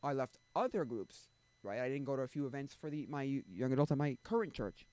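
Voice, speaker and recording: A man's voice: mid-range voice, expressive, a little fast, a little mellow, dry recording. Rambling young man streaming. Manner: rambling, loses his train of thought. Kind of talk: casual chat.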